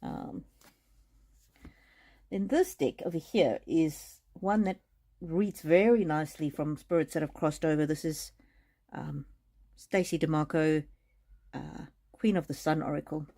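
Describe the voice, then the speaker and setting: A woman giving a live-streamed oracle card reading, speaking gently and haltingly, moved to emotion and laughing often. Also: low-pitched. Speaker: tarot and oracle card reader. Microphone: streaming mic.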